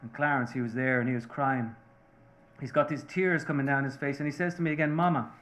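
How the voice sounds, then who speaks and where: A man reading the part of a remorseful Irish-American mother, a seamstress, confessing earnestly and haltingly to her husband. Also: mid-range voice, fairly even intonation, a bit bright, lightly acted.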